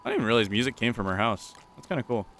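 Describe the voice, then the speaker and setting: A man's voice: medium pitch, lively intonation, racing, fairly bright tone, faint music behind. A young man casually commentating a survival game, playful and joking, talking to the game's characters. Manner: playful, talks to game characters, jokey pirate voices. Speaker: gameplay commentator.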